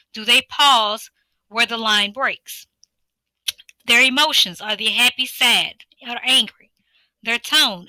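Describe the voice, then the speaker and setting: A woman teacher talks through a lesson slide in a very bright, slightly high voice. She poses one question after another in an even, instructive rhythm. The sound is close and dry, with no room around it. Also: no room sound, rough recording.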